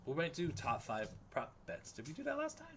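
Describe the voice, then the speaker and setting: A young man co-hosting a sports podcast live stream, chatting eagerly about his teams in quick casual banter. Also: fairly high pitch, huge pitch swings, noisy background. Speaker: podcast co-host.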